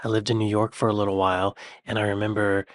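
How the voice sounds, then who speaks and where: An American man hosting a reaction channel, chatting and joking with quick laughs. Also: on the low side, flat delivery, no echo. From United States. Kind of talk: casual reaction commentary.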